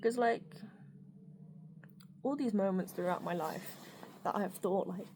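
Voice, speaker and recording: A woman's voice: mid-range voice, a little slow, pauses often, dark tone, slight background noise. Candid, rambling woman vlogger. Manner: rambling and candid, with frequent fillers, swearing and laughter. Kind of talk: personal reflective monologue.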